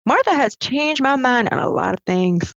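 A woman's voice: sits high, animated, moderate pace, dry recording, pitched above the performer's own voice. A woman voicing an opinionated, old-school male arborist who talks in a plainspoken, drawling way. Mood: admiring. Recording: dull lo-fi sound.

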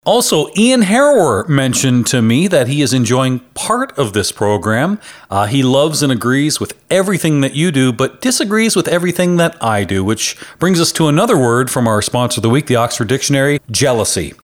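A man from Canada co-hosts a podcast in easygoing, jokey banter. His pitch sits in the middle but swings widely as he teases and ribs his partner, with an animated, playful delivery. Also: brisk. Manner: teasing, jokey, laughs often. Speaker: podcast co-host.

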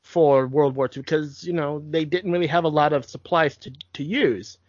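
A man's voice: a little high, normal speed, no echo. Chatty man, dry muffled mic. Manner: rambling, restarts, film-buff enthusiasm. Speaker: podcast co-host. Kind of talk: casual chat.

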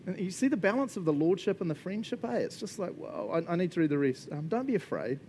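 A man preaching a casual, conversational sermon, animated and chatty, often checking in with his listeners. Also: high voice, quick pace, a little hiss or hum. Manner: animated and chatty, frequent laughs and "right?" check-ins.

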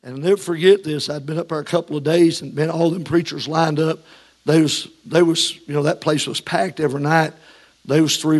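A man preaching a sermon, moving from fervent shouted preaching into quiet folksy storytelling. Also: a little high.

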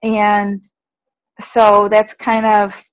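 A woman co-hosting a running podcast in casual chat, self-deprecating and quick to laugh. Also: mid-range voice, completely flat delivery, clean tone, dry recording, lo-fi sound. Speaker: podcast co-host.

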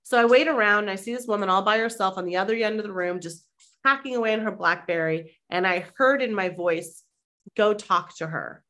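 A woman, a mindset and manifestation coach, telling a lively personal story as a podcast guest and acting out the people in it. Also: medium pitch, brisk. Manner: animated, acts out quoted voices; conversational with fillers like "like". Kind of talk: anecdotal storytelling in an interview.

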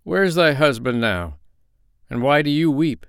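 A man's voice: a little high, very animated, moderate pace, gravelly, clear, resonant tone, no room sound, studio quality, pitched above the performer's own voice. A man reading the part of a humble, brave peasant father mourning his lost child. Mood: earnest.

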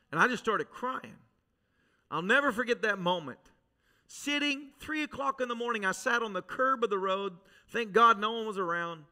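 A male pastor preaching a sermon to a congregation, telling a dramatic personal testimony that swings from loud urgency to hushed intensity. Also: high-pitched, moderate pace. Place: church service with a congregation.

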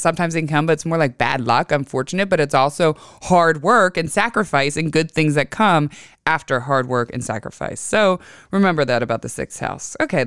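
A woman in her thirties hosting an astrology podcast, telling family stories in a chatty, animated way. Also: low-pitched, smooth, dry recording, clean studio sound. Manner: chatty, animated storytelling with lively voiced quotes. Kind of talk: casual monologue.

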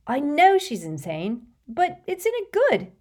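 A cheerful teenage schoolboy from a storybook, voiced by a woman. He talks in a breezy, upbeat way. His voice lifts higher than the narration. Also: wildly swooping pitch, a little slow, a little mellow, heavily acted. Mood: amused.

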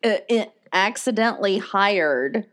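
A woman's voice: mid-range voice, animated, a little slow, fairly bright tone. A woman co-hosting a podcast who laughs a lot and chimes in with teasing remarks. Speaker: podcast co-host. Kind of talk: casual chat.

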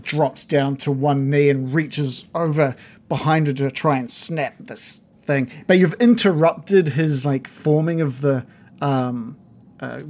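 A man's voice: on the high side, darkish tone. A man narrating a tabletop game as game master, loose and hesitant, with many fillers.

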